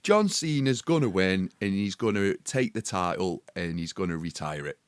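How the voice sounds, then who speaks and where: Deep english guy tossing jokes on a podcast, dry mic. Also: animated, normal speed, no echo. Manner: jokey, playful asides. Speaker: podcast co-host. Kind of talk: casual chat.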